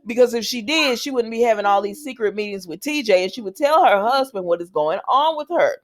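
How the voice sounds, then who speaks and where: A woman's voice: on the high side, lively intonation, fairly quick, dry recording. A woman giving a casual, opinionated recap of a soap opera episode and talking straight to her viewers.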